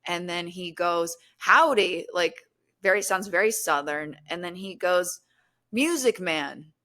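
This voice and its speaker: Young woman rambling through a story, lotsa "like" and "um", slightly low voice. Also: normal speed. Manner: animated, acts out quotes with lots of "like" and "um". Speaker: guest, paranormal content creator. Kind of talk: casual storytelling in a podcast chat.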